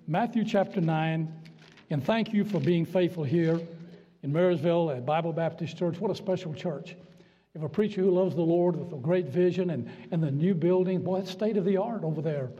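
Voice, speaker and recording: A man's voice: on the high side, normal speed, dark tone, slightly rough. A man in his seventies from Virginia, preaching a sermon in a church in a folksy, joking, emphatic way. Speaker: guest preacher. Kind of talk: sermon with jokes. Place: church sanctuary. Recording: dull sound with long church reverb.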